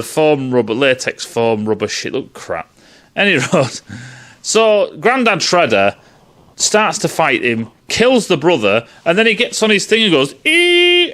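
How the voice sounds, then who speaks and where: A man's voice: on the high side, a bit bright. A man ranting sarcastically and profanely in a casual film review.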